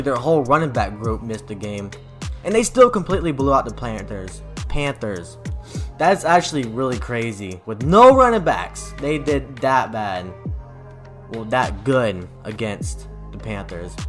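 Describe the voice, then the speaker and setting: A young man hosting a sports channel gives casual football predictions, his voice medium-pitched and a bit bright. He's rambling and offhand, loose with fillers and restarts.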